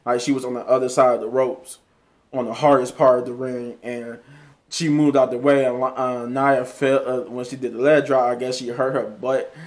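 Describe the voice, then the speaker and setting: Man rambling through a flat-toned recap. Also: medium pitch, moderate pace. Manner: rambling, frequent restarts and self-corrections; chuckles often while recounting. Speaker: wrestling show reviewer. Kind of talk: casual solo review recap.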